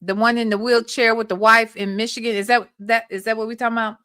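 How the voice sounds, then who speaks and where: A woman's voice: fairly high pitch, flat delivery, fast, bright, forceful tone, clear, resonant tone, no echo, studio quality. A woman hosting a livestream, giving blunt, profane commentary and talking back to the recordings she plays. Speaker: livestream host. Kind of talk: casual commentary on played recordings.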